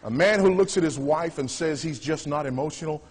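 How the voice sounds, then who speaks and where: Guy hosting a show, high voice, sarcastic and emphatic, preachy commentary. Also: brisk, darkish tone, slight background noise. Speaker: TV show host.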